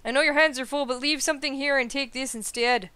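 A woman's voice: high-pitched, steady tone, quick pace, pushed and bright, no room sound, voice pushed up. A woman reading a friendly male police gunsmith's game lines in a put-on Canadian accent, ending sentences with "eh". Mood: folksy. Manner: tacks "eh" onto lines.

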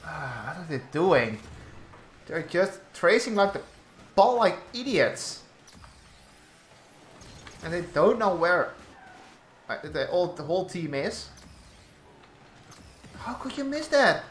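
Slow-talking man commentating gameplay. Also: sits high, sing-song, fairly bright tone, echoey room, a little hiss or hum. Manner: slow, halting commentary with frequent restarts, exasperated at teammates. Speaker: gaming YouTuber.

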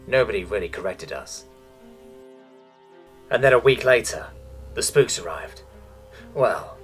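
Man, low voice, steady measured narration, audiobook reading, faint music underneath.

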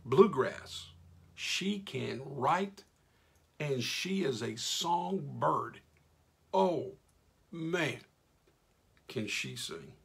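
Reading viewers' names and comments on a casual live stream, a middle-aged radio-style host chats with folksy enthusiasm while losing his voice. His slightly high voice is animated but creaky and slightly rough, with drawn-out words and frequent pauses as it wears thin.

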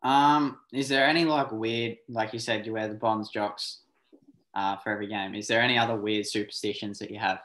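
A man's voice: on the low side, fairly even intonation, brisk, a bit bright. A young Australian man in his late teens hosting a podcast, asking questions in an easygoing way with plenty of ums. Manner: easygoing, filler-heavy questioning. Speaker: podcast host. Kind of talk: casual interview questions. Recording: roomy echo.

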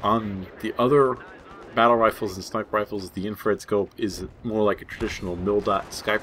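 Low-voiced man rambling over gameplay. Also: fairly even intonation, moderate pace, fairly bright tone, a little hiss or hum. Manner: rambling and jokey, laughs at his own asides. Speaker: gaming channel host. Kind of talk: casual gameplay commentary.

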